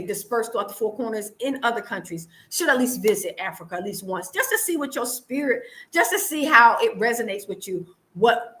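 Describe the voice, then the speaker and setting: A woman's voice: on the high side, fairly bright tone, low-quality recording. A woman from the United States, chatting earnestly on a live stream from her home and answering viewers, with many restarts and repeats. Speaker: vlogger answering live chat. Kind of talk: casual live-stream chat. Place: home in Tanzania.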